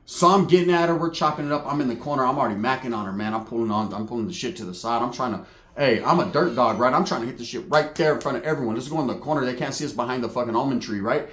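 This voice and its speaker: A man's voice: medium pitch, very fast, fairly bright tone, roomy sound. A man telling a comic story in a profane, slangy way, acting out other people's voices. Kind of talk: comedic storytelling monologue.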